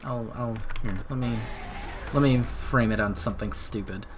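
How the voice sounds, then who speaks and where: A man's voice: mid-range voice, moderate pace, background noise. A man hosting a live stream, chatting casually and rambling with frequent laughs. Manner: laid-back, rambling, laughs often. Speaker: streamer host.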